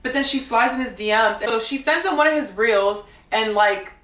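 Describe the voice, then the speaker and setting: Rich: A young woman with a fairly high voice speaks bluntly to camera, peppering every sentence with "like". The room sounds echoey, and she sits back from the mic. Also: moderate pace, fairly bright tone, far from the mic. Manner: blunt, gossipy, heavy use of "like". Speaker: reality dating show contestant. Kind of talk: casual storytelling to camera.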